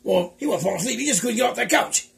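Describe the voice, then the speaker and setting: A loud, scatterbrained bird puppet with a very high voice that swoops up and down, as a man puts him on. He giggles through his words and keeps mixing them up. It's broad comic puppet banter. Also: expressive, racing, vocal fry, exaggerated voice. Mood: giddy. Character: excitable forgetful male bird puppet.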